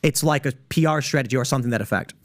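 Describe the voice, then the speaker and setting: A man on a podcast panel, telling stories in animated casual chat, often restarting his sentences. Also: mid-range voice. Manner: animated storytelling with rapid restarts. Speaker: podcast guest and show host.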